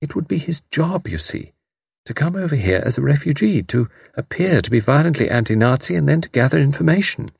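A warm-hearted, anxious middle-aged Englishwoman, as a male narrator puts her on, speaking gently but firmly. The voice is lifted high and rather breathy, with a close, dry sound. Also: lively intonation, brisk, no room sound, full character voice. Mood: probing. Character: middle-aged English woman, kindly, worried, mother.

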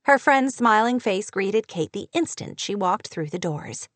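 A woman's voice: on the low side, a little slow, hardly any pauses, fairly bright tone, no echo. Woman narrating a novel, dry sound. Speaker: audiobook narrator.

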